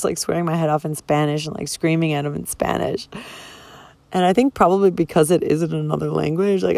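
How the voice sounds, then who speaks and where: A woman's voice: on the low side, creaky, warm tone, dry recording. A young woman vlogger telling a personal story candidly, emotional and swearing freely, with lots of fillers. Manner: frank, emotional, swears a lot, filler-heavy.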